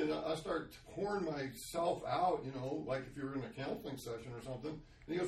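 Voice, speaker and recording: An earnest man, a guest, tells his story in a confessional way, often restarting his sentences. His voice sits a bit high. The room is echoey, and he sounds set back from the mic. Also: normal speed, few pauses, distant mic, slight background noise. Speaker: guest sharing his testimony. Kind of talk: candid storytelling.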